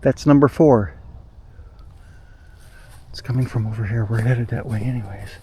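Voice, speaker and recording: Paranormal vlog host, male, mellow tone, excitable running narration outdoors at night. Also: mid-range voice, slightly rough. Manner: excitable and jumpy, talks to himself, quick nervous laughs. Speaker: paranormal investigator, channel host. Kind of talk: solo night walk-and-talk narration. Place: outdoors in snowy woods at night.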